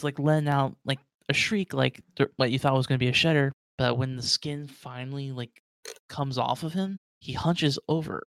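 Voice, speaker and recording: A man's voice: mid-range voice, dry recording, clean studio sound. A man narrating as game master of a tabletop role-playing game, rambling and full of "like". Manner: rambling, heavy with "like".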